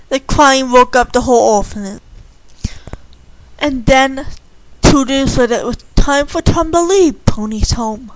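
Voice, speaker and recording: A woman reading a story aloud with slow, expressive storytelling narration. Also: high voice, no echo, poor audio.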